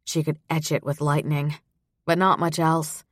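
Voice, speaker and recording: A woman reading a novel aloud as narrator, in a measured, even storytelling manner. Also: low-pitched, no room sound, clean studio sound. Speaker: audiobook narrator. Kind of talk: scripted narration.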